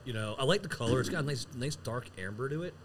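Animated, fast-talking man on a podcast. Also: medium pitch, a little hiss or hum. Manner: animated, rambling with many restarts. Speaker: podcast co-host. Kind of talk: casual chat.

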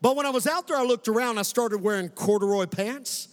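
A very high-pitched man with a Kentucky accent preaches to his congregation, stretching key phrases and calling out for responses. His voice carries a long reverb, like it is filling a large church hall. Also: clear, resonant tone. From Western Kentucky. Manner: preacher's cadence, slowing for emphasis, calling on the congregation. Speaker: pastor. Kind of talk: sermon.

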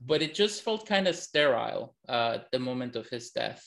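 A man's voice: mid-range voice, sing-song, moderate pace, vocal fry, a bit bright. A young man co-hosting a casual film review chat, rambling with frequent restarts. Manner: rambling, many restarts, laughs often. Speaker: film review podcast co-host.

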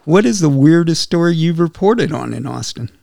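A man hosts a podcast in a friendly, chatty way. His voice has a gravelly edge and moves up and down a lot, recorded dry and close. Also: on the high side, lively intonation, normal speed, a little mellow, no echo. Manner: friendly, chatty, leads the questions. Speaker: podcast host. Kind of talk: casual podcast interview.

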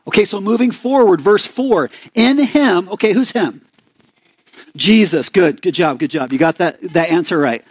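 A young man with an Arizona accent preaches in a relaxed, conversational sermon, often turning to the congregation with questions. His voice sits fairly high for a man. The sound is dry and close, with little room. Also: moderate pace, breathy edge, no echo. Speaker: pastor.

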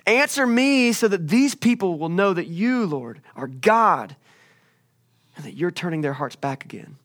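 A young man gives a sermon in storytelling mode, his fairly high voice rising into loud, excited bursts. He then drops to a hushed tone for the scripture passages. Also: a little slow.

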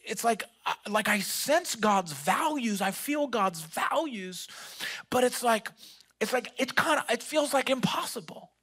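A man's voice: extremely high pitch, expressive, unhurried, bright, forceful tone, husky, full character voice. A male pastor voicing a curious young man from a wedding who hesitantly asks about faith. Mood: searching. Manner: hesitant, searching, stumbling.

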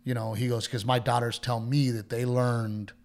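A man's voice: mid-range voice, moderate pace, vocal fry. A male comedian telling a story in casual chat, quoting other people and swearing now and then. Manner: animated storyteller who quotes others in their voices, swears.

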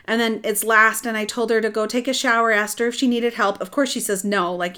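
A woman's voice: fairly high pitch, a little fast, hardly any pauses, clean tone. Chatty middle-aged woman telling a story. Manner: animated, rambling with restarts. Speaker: adoptive mother telling her story. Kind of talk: casual storytelling chat.

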